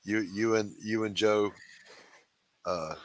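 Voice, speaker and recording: A man from the South Carolina Low Country, hosting a casual, jokey, rambling podcast chat. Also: steady tone, slow pace, no room sound. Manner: jokey, rambling, laughs easily. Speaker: podcast host.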